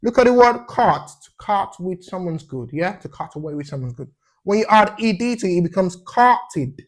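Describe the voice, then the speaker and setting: A man's voice: high-pitched, lively intonation, normal speed. A man teaching an English pronunciation lesson, repeating sounds as drills and checking in with a questioning "yeah?" after each point.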